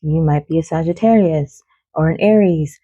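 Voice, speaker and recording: Chatty lady doing a card reading, mellow voice, dry close sound, laughs and swears a lot. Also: deep voice, moderate pace, dry recording, muffled recording. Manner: loose, chatty, laughs often and swears casually. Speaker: oracle card reader. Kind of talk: casual spiritual card reading.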